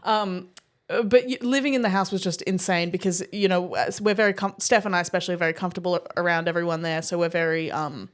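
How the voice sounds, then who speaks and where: A woman co-hosting a podcast, telling an animated story with frequent laughter in a casual chat. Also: fairly low pitch, quick pace, hardly any pauses. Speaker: podcast co-host.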